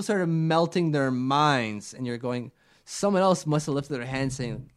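Young guy riffing on hockey w a buddy, jokey, keeps doing goofy voices, mid-pitched. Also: expressive, unhurried, clean tone. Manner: joking, acts out silly voices. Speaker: podcast co-host. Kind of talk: casual sports chat.

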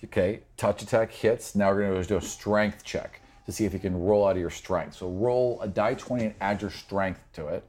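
A man's voice: fairly low pitch, normal speed, few pauses, darkish tone. A man running a tabletop role-play game as game master and podcast host, narrating vividly with lots of "like" fillers.

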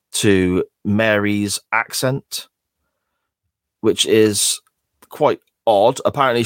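A man's voice: on the low side, fairly bright tone, no room sound, clean studio sound. A man co-hosting a podcast in casual chat, blunt, jokey and opinionated. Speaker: podcast co-host.

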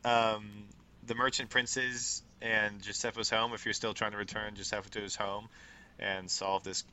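Bright, clear-voiced man running a tabletop game. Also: on the low side, little pitch movement, measured pace. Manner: casual, rambling with many fillers and laughs. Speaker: game master. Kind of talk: narrating a tabletop role-playing game.

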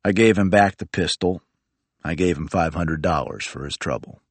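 Deep-voiced male audiobook reader, dry close sound, calm and plain. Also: moderate pace, slightly rough, no room sound. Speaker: audiobook narrator. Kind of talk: first-person audiobook narration.

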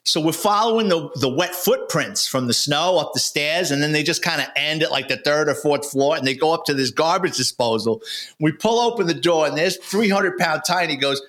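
An older New York City man, a retired police detective and author appearing as a guest, tells casual stories in a slightly high, fairly quick, a bit bright voice. He is blunt and street-wise, with colorful swearing.

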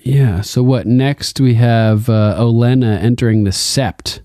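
A man's voice: mid-range voice, steady tone, unhurried, mellow, no room sound, studio quality. A man co-hosting a casual TV recap podcast, laid-back and joking, chuckling often. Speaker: podcast co-host.

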